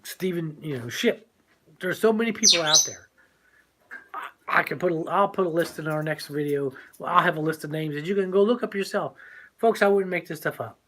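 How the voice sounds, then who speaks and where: A man's voice: a little high, a little fast, sharp tone, a little hiss or hum. An older man co-hosting a casual talk show, speaking in a preachy, emphatic way and laughing often. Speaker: co-host.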